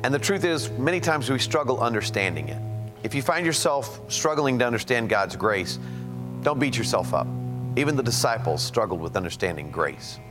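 A man narrating a church video in a calm, gentle scripted voice. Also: mid-range voice, moderate pace, natural voice. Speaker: video narrator and Jesus figure. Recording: video with guitar music behind.

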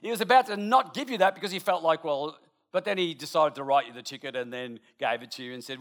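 A middle-aged man, telling a lively, chatty anecdote to an audience with asides along the way. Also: a little high, quick pace. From Australia. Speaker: storyteller.

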